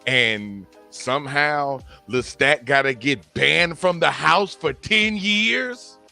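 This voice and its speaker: Animated man hosting a casual chat. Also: fairly high pitch, slow, vocal fry, soft background music. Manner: animated, slangy, argues his point. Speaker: stream host.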